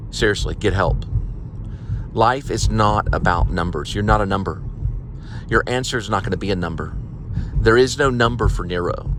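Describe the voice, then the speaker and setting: A man's voice: on the low side, background noise. A man delivering food who talks in a rambling, casual monologue that drifts into preachy exhortations. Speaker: vlogger and food delivery driver.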